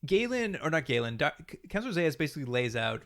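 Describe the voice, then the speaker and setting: A man's voice: a little high, big pitch swings, a bit bright. A man co-hosting a podcast, recapping an episode in a rambling, casual way and acting out the characters' lines. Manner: fast, rambling retelling with acted-out quotes and laughs. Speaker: podcast co-host.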